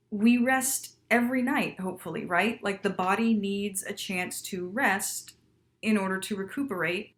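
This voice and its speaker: A woman in her thirties teaches singers in a casual video lesson, her voice a little high. She's emphatic and lively, frequently checking in with "right?".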